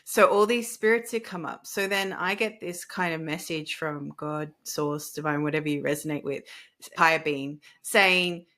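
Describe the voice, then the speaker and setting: A podcast host who also works as an energy healer tells a personal story in casual conversation, animatedly acting out the voices of the people involved. Her voice is low and her pace normal.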